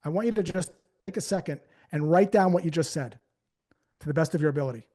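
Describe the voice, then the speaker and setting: A man coaching a sales team live on stage, energetic and conversational, acting out phrasings as he goes. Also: a little high, quick pace. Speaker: sales trainer. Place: on stage before an audience.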